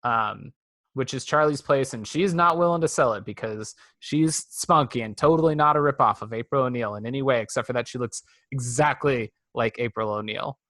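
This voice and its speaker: A man's voice: mid-range voice, moderate pace, a bit bright, no echo. A man co-hosting a podcast, chatting casually about a cartoon with wry, sarcastic asides. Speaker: podcast co-host. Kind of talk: casual chat reviewing a cartoon.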